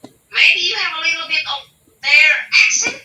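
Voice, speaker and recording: A woman's voice: very high voice, normal speed, pushed and bright. A woman from Indonesia, a non-native English speaker, talking as an interview guest, hesitant with restarts but firm when she makes a point. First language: not English. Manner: hesitant, with many restarts and fillers, then firm and emphatic. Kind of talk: casual interview conversation. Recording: distant, dull, echoey recording with faint noise.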